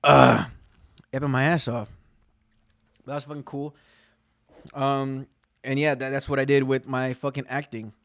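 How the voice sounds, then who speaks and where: A man hosting his own podcast, telling rambling, profane stories in a casual, excitable way. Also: medium pitch, moderate pace, pauses often, smooth, dry recording, clean studio sound. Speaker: podcast host. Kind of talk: casual solo podcast storytelling.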